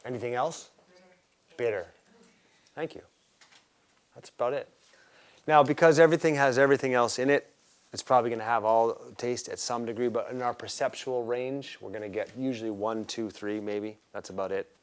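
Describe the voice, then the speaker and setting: Male herbalism teacher, mid-pitched, casual and enthusiastic, quizzing a live class. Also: steady tone, moderate pace, long pauses. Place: classroom with students.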